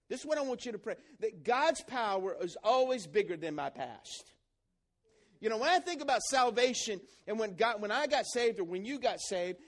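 A man preaching a sermon in a church, rousing the congregation with call-and-response questions. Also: extremely high pitch. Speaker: pastor.

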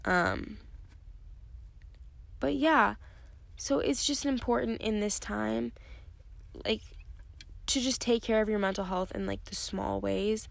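A woman's voice: medium pitch, slow pace, vocal fry, long pauses, dry recording. A young woman hosting her own podcast, talking candidly and rambling with many fillers, tired and yawning. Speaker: podcast host. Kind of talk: casual solo podcast talk.

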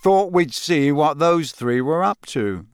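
A cheeky teenage prankster, as a man reads him, talks briskly and matter-of-factly. The voice sits higher than the reader's own, in a dry, close recording. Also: sing-song, no room sound.

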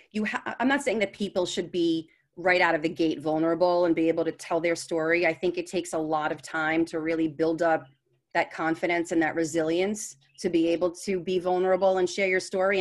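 Earnest New York woman giving advice. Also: lowish voice. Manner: earnest, repeats words when searching for phrasing. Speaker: podcast guest, sales coach. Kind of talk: candid interview conversation.

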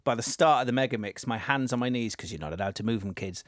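Chatty podcast host, dry sound. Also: male voice, mid-range voice, fast, no echo. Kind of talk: casual chat.

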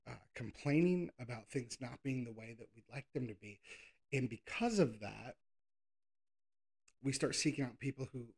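A man's voice: medium pitch, a little mellow. A man preaching a casual sermon, reading scripture and talking conversationally, sometimes doing playful whiny voices. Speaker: pastor.

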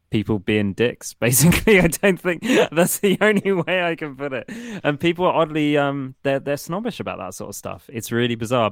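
A British man co-hosting a podcast in relaxed, rambling chat, laughing easily between points. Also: mid-range voice, creaky, dry recording, clean studio sound. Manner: easygoing, rambling, quick to laugh. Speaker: podcast co-host.

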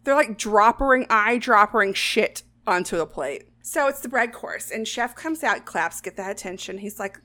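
A woman's voice: medium pitch, animated, moderate pace, hardly any pauses, pushed and bright. A woman co-hosting a podcast, casually and profanely recapping a movie scene by scene. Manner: profane, sassy, quotes characters in put-on voices. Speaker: podcast co-host.

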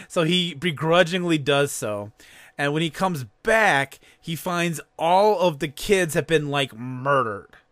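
Brief: male podcast host, a bit higher voice, very lively pitch, close dry mic. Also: takes it slowly, dry recording. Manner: animated, laughing, swears freely. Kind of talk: casual chat.

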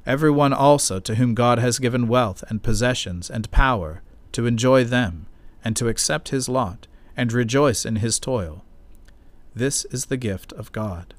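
A man's voice: mid-range voice, no room sound. Man reading scripture, dry sound. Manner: measured, formal reading cadence. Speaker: scripture reader.

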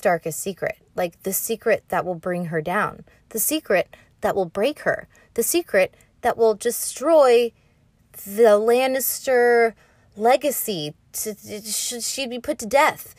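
A young woman vlogger rambles through a casual recap, sarcastic and swearing freely. Her voice sits at an ordinary middle pitch. The sound is dry and close, with no echo.

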